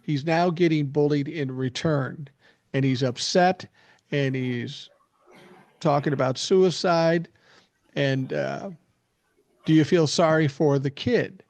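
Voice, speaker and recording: An older man hosts a podcast in casual chat, speaking at a somewhat high pitch. He explains things at length and gives firm opinions, and his voice sounds dry, with no room around it. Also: lively intonation, slow pace, long pauses, darkish tone, no echo. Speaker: podcast host.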